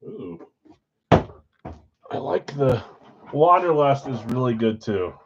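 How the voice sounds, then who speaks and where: A man hosts a live card break, talking casually and poking fun at his own slip-ups as he chats with viewers. His voice sits at an ordinary middle pitch. The stream audio is a bit dull and lo-fi. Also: lively intonation, slow pace, gravelly, background noise. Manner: self-deprecating, chatty, talks to chat viewers.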